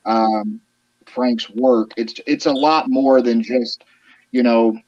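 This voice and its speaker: A man telling a funny story in casual conversation, animated and laughing, his voice climbing high when excited. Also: slow pace, no room sound. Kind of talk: casual storytelling on a group video call. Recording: dull lo-fi sound with clear background noise.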